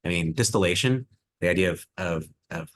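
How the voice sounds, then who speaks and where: Deep-voiced male distiller hosting a tasting. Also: fairly quick, fairly bright tone. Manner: enthusiastic, reflective, with many fillers and restarts. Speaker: head distiller. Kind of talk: presenting a virtual tasting.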